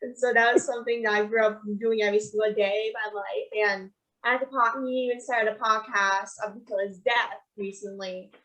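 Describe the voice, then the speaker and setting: A woman's voice: mid-range voice, fairly even intonation, a little fast, bright, forceful tone, low-quality recording. A young woman hosting a podcast, rambling through a story in casual chat with lots of fillers. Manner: rambling, retells events with many fillers. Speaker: podcast host.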